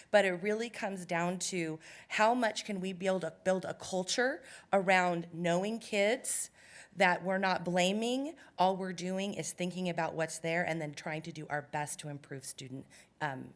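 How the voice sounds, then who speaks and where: A woman facilitating an education leaders' meeting, walking a group through slides and handing out turns. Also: on the low side. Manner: explains slides and guides turn-taking. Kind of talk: presenting to a table of educators. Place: conference room.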